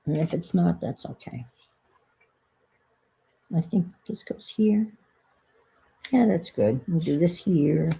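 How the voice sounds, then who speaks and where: An older woman with a low, gravelly voice talks casually to her viewers. She vents about a frustrating wait in an exasperated, storytelling way, then drifts into thinking aloud as she works on a craft. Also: animated, slow, pauses often, mellow, a little hiss or hum. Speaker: vlogger. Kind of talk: casual chat while crafting.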